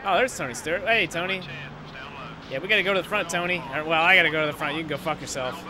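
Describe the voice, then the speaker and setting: A man's voice: fairly high pitch, fast. Swearing young man over game engine noise. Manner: rambling, sarcastic, swears when frustrated. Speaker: gaming YouTuber. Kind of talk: casual gameplay commentary. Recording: loud engine noise behind voice.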